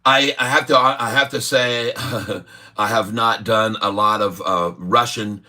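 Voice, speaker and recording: Rambling, jokey stock-stream host with a bright voice. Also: male voice, fairly low pitch, fairly even intonation, slow. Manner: rambling and jokey, drifts between topics. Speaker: day-trading livestream host. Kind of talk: casual livestream stock commentary.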